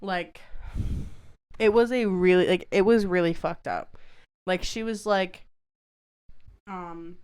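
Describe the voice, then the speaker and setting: A woman's voice: lowish voice, steady tone, takes it slowly, long pauses, a little mellow, clear, resonant tone. A woman podcast co-host telling a story in casual, rambling chat, swearing freely and saying "like" often. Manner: rambling, profane, full of "like".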